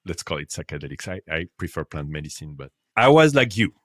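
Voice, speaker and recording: A French-accented man in his fifties, a podcast guest telling a story in an animated way. His voice rises and drops sharply as he laughs and gets excited. The sound is dry and close, with no room around it. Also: a bass voice, fairly quick, no echo. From France. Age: 50s. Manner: animated, laughs often, swings between loud and quiet. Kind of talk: casual storytelling.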